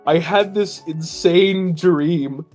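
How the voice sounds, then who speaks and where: A person in casual chat on a group call, telling a wild dream as an excited, laughing story with quick impressions. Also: medium pitch, faint music behind. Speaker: game creator.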